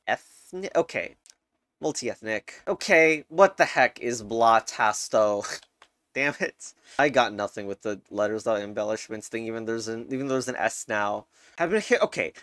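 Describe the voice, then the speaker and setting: A man's voice: medium pitch, fairly bright tone, no echo, studio quality. A young man casually commenting while solving crosswords, thinking aloud, muttering and laughing often. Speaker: puzzle game streamer.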